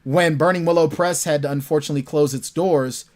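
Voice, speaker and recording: Man, guest author, fairly high voice, animated, repeats himself. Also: fairly quick. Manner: animated storyteller, repeats words. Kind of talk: casual interview chat. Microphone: remote call microphone.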